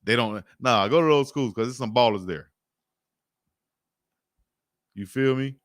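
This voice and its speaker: A relaxed man from Alabama talks sports like he's hanging out with friends, joking and circling back on his words. His voice sits in an ordinary middle register. The sound is dry and close, with no room around it. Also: mid-range voice, measured pace, no echo. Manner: laid-back, joking, chuckles often, repeats himself. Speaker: sports talk host. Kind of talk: casual livestream chat reading comments.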